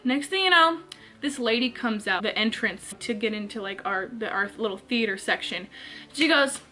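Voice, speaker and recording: A woman vlogger telling a story in a casual, animated way, with lots of filler words and swearing. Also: high-pitched. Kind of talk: storytime vlog, casual retelling.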